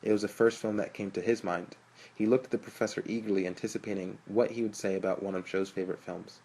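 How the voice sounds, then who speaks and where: A man narrating a novel in a steady storytelling manner. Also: on the low side, quick pace, poor audio. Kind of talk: audiobook narration.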